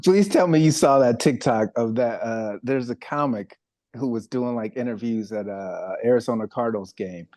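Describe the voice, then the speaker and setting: A man's voice: mid-range voice, moderate pace, a little mellow, no echo. A man co-hosting a comedy podcast, chatting casually over a video call and laughing often. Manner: laughs often, reads sponsor plug. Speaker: podcast co-host.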